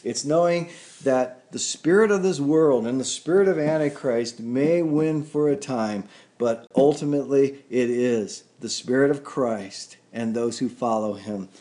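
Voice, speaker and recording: A man preaching a sermon as pastor, earnest, rising to emphatic peaks and dropping to quiet, and leading the congregation in repeating lines together. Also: medium pitch, a little slow. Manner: leads the congregation in call-and-repeat.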